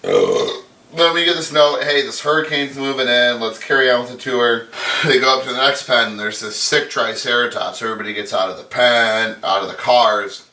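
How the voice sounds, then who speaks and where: A man's voice: mid-range voice, animated, moderate pace, pushed and bright, distant mic. A man giving a crude, sarcastic comedic recap of a movie, swearing constantly. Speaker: podcast host. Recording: echoey room, off mic.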